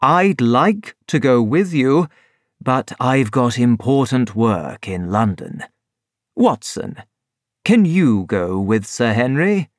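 A man voicing a calm, shrewd middle-aged detective in a storybook reading, low and measured. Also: dry recording, studio quality. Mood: instructing.

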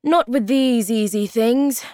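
A woman voicing a magical male hobgoblin, with a loud and grand delivery. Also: on the high side, slow pace, dry recording, studio quality, pitched above the performer's own voice. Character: magical male hobgoblin, lonely then kind.

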